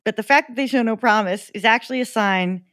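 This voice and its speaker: A woman's voice: on the high side, quick pace, fairly bright tone, dry recording, studio quality. A woman, a comedian guest on a podcast, talking animatedly with many "like"s and laughing asides. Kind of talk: casual chat about comedy.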